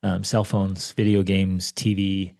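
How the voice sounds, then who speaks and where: A man's voice: low voice, level tone, slow pace, gravelly, darkish tone. A man in his forties, an interview guest, telling personal stories with emphatic, urgent conviction. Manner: emphatic storyteller, urgent and preachy. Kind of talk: conversational interview.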